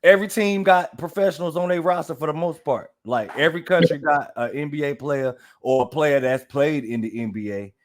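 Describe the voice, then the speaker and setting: A man's voice: fairly high pitch, a little fast, few pauses. A man hosting a podcast in casual chat, loose and rambling, talking straight to his listeners. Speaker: podcast host.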